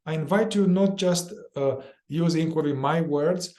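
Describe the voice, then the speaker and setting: A man's voice: a little high, a little mellow. Man running a casual somatic group session. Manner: informal and repetitive, acts out inner voices with quick chanted phrases and swearing. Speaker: somatic therapy facilitator.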